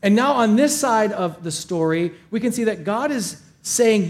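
A male pastor preaching a sermon, reading scripture and retelling it in casual, animated paraphrase. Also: high-pitched, normal speed, few pauses.

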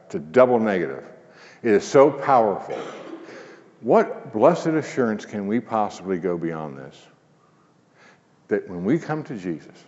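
A man preaching a sermon in an earnest, conversational way, dropping to a hush for emphasis. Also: lowish voice, expressive, moderate pace. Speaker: pastor. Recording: muffled sound with long hall reverb.

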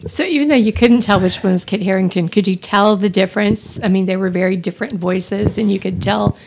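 A woman in casual podcast chat, talking at an easy middle pitch. She drifts from point to point, adding asides as she goes. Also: brisk, vocal fry, a little hiss or hum. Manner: chatty, digressive. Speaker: podcast co-host. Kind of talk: casual chat about audiobooks.

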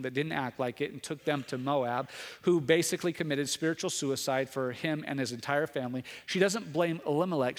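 High-voiced male pastor preaching. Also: fairly bright tone. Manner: earnest, repetitive restarts, builds to raised emphatic passages. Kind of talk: sermon.

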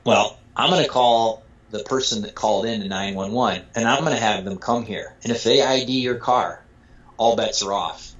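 A man from Michigan telling a casual story with animated delivery, acting out dialogue and swearing freely. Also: on the low side, normal speed. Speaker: storyteller guest. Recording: dull lo-fi sound.

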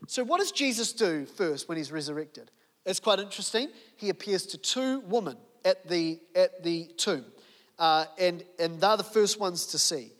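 A man's voice: high-pitched, expressive, normal speed, a bit bright. A man preaching a sermon, telling a story and firing off rhetorical questions. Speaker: pastor. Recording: long reverb of a large hall.

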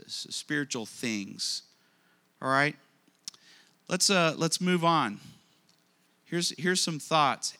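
Bright-voiced man preaching a sermon. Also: on the high side. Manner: emphatic, repeats phrases, asks the congregation questions; slows down to stress key lines. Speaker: pastor.

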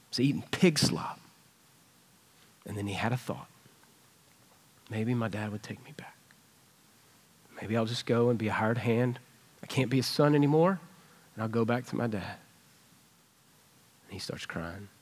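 A man's voice: lowish voice, brisk, breathy edge. A man preaching a sermon in a church, conversational and earnest as he retells a personal story. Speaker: pastor. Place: church sanctuary.

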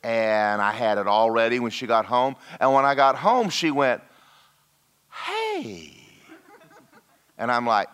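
A middle-aged man preaching a sermon, telling folksy stories and swinging between loud calls to the crowd and hushed, emotional passages. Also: mid-range voice, normal speed, hardly any pauses, smooth. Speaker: pastor.

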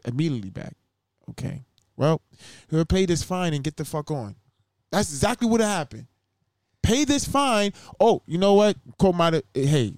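A man co-hosting a podcast in casual chat, animated and profane, often acting out what other people would say. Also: a little high, creaky, dry recording, studio quality. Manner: animated, profane, acts out quotes in other voices. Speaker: podcast co-host.

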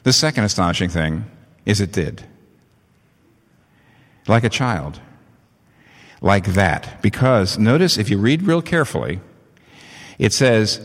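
A man preaching a sermon in a low voice, animated, his voice jumping up sharply to drive a point home. A long reverb hangs on every word, as in a big hall. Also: unhurried, pauses often. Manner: animated, rising in pitch for emphasis. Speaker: pastor.

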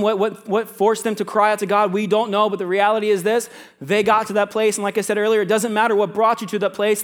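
A male pastor of students and young adults preaching a sermon to a congregation, chatty and joking, with quick asides between loud emphasis and quiet remarks. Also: sits high. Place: church sanctuary with a congregation.

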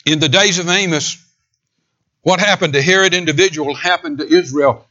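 Forceful preacher man, lo-fi sermon recording. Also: fairly high pitch, moderate pace. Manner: emphatic, swinging between raised declamation and hushed near-whisper.

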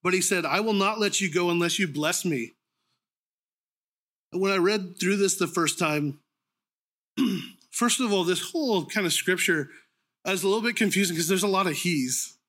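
Man, sermon, bright tone, slightly high voice, casual and halting delivery, clears throat often. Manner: informal, conversational preaching with frequent ums and restarts; clears his throat now and then. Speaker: preacher.

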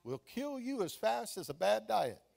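A man's voice: high voice, big pitch swings, unhurried, creaky, a little mellow, voice pushed up, exaggerated voice. A man voicing an earnest male doctor who insists on firm advice, in a sermon. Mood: insistent.

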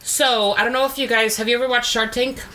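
A woman's voice: on the high side, fairly even intonation, fast talker, pushed and bright, slight background noise. A woman co-hosting a podcast in casual chat, ranting with profanity and laughing. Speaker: podcast co-host.

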